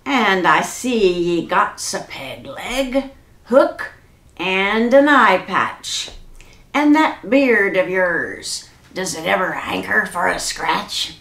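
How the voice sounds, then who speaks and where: A woman voicing a gruff, bossy male pirate captain who bellows in pirate slang in a children's storybook reading. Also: mid-range voice, slow, a bit bright, reverberant. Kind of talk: storybook read-aloud for children.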